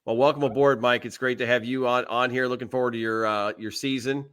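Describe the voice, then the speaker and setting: A quick-talking podcast guest with a bright, forceful voice. He chats casually and rattles through plugs and thanks at speed. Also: mid-range voice, fairly even intonation, smooth. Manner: fast, upbeat promoter.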